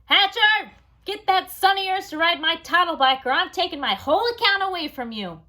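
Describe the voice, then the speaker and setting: A woman's voice: very high-pitched, lively intonation, moderate pace, pitched above the performer's own voice, heavily acted. A woman voicing an impatient, blustering businessman in a children's story read aloud. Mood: angry. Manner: blustering and loud. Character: impatient angry male businessman.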